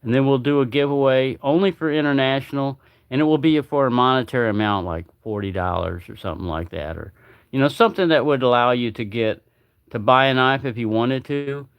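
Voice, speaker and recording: A man's voice: medium pitch, a little fast, clear, resonant tone, dry recording, highs cut off. Man, casual livestream chat, rambling and repetitive, dry room. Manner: rambling, chatty, repeats himself. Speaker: knife channel host.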